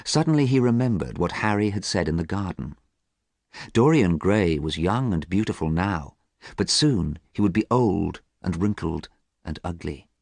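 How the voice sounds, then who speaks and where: A man narrating a simplified story slowly and clearly, in a scripted storytelling style. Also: sits low, no echo, clean studio sound. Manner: slow, clear and even storytelling. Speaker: audiobook narrator. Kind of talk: scripted graded-reader narration.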